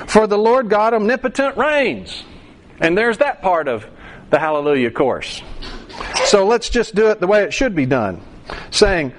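Lively, animated male preacher. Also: fairly high pitch, normal speed. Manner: animated preacher, acts out voices and sings a line. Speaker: pastor. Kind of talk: sermon.

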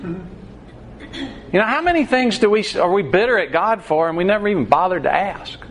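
A man preaching a sermon, telling a parable in an animated style. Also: high-pitched, moderate pace, slight background noise. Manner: animated storytelling, acting out the scripture.

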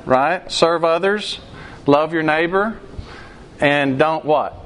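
Higher-voiced man preaching interactively. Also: slow pace, fairly bright tone, a little hiss or hum. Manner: asks the congregation questions, acts out quoted outbursts. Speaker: pastor. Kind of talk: interactive sermon.

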